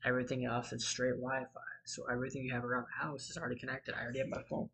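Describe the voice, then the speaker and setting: A man's voice: mid-range voice, monotone, racing, creaky, pushed and bright, breathy edge. A man hosting a gaming channel, chatting casually and rambling through a story over his gameplay, losing his thread and swearing freely.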